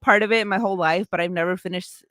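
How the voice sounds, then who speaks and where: A woman's voice: medium pitch, fairly even intonation, fast talker, fairly bright tone, dry recording, studio quality. A woman telling a family ghost story in casual chat, rambling with lots of fillers. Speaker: paranormal content creator.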